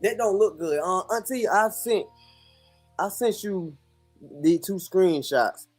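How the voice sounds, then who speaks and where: A co-host chiming in on livestream commentary with quick interjections, often repeating words. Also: medium pitch, a little mellow, soft background music.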